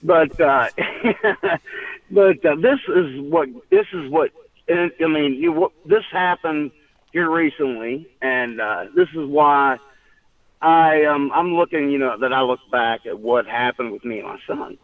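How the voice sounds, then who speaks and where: A man's voice: a little high, expressive, unhurried, dry recording, far from the mic. A man calling in to tell a story in casual chat, rambling with restarts and laughing often. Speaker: caller. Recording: tinny phone line.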